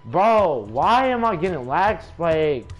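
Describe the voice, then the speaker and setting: A man with a fairly high voice and an unhurried drawl gives live gameplay commentary. He trash-talks and curses at his opponent in frustration, with faint music playing behind him. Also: big pitch swings, dull audio. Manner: trash-talking, cursing, frustrated. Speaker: gaming content creator.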